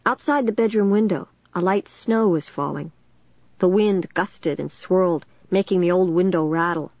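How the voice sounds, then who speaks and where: A woman with a fairly low voice reading a first-person children's story aloud, lively and expressive. The track is dry and close, with a slightly dull, lo-fi tone. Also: moderate pace, dry recording. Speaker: audiobook narrator.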